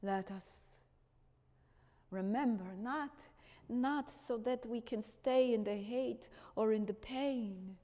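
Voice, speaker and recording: A woman's voice: a little high, slow pace. A woman performing a theatrical monologue, playing a spirited woman who tells her story straight to an audience in a church, with the long reverb of the hall. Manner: animated, direct storytelling to an audience. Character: spirited woman recalling her wartime past. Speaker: stage actress in a one-woman show.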